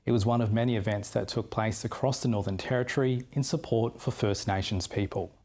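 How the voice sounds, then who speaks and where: A man with an Australian accent presenting the news in a measured, formal studio read. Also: on the low side, steady tone, darkish tone.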